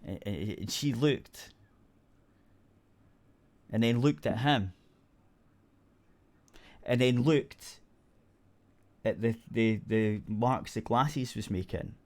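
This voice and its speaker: A man's voice: mid-range voice, takes it slowly, pauses often, darkish tone. A Scottish man hosting a radio show, rambling through a story in casual chat and swearing freely.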